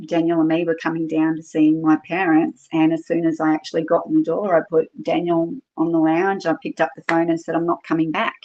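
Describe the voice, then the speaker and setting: Speaking fairly quickly with few pauses, a middle-aged Australian woman delivers flat, casual storytelling as a podcast guest, full of fillers and quoted dialogue. Her voice sits low with a darkish tone. The dull lo-fi podcast recording carries a little hiss or hum.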